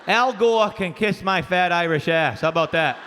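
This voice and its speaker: Male stand-up with a Maine accent, loud and crude, live room with faint crowd noise. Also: high voice, normal speed. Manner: loud, crude storytelling with acted-out voices. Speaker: stand-up comedian. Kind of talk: stand-up comedy routine. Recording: live club recording with long reverb and faint ambience.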